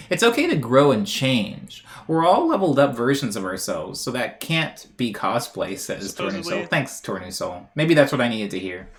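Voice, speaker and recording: A man's voice: mid-range voice, big pitch swings, fairly quick, hardly any pauses, fairly bright tone. A man chatting casually on a live music stream, rambling and self-deprecating as he reads out chat messages.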